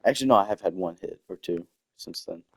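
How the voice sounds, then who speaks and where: Rambling young man, low and dry. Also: fast talker, breathy edge, no echo. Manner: rambling, self-interrupting with game asides. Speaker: gaming storyteller. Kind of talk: casual storytelling over gameplay. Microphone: desktop microphone.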